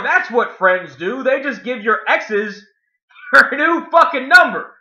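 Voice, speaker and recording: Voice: medium pitch, very animated, a little slow, bright, forceful tone. A movie reviewer giving a casual spoiler review, swearing constantly and sarcastic. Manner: profane, sarcastic, exasperated. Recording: echoey room, dull lo-fi sound.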